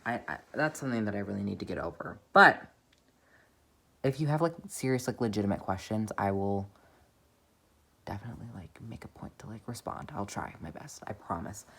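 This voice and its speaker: A young woman with a strikingly deep voice chats through a casual vlog update from home. She rambles, fills her sentences with "like," and pokes fun at herself along the way. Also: fairly quick, a bit bright. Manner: rambling, heavy use of "like"; chatty and self-deprecating. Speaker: vlogger.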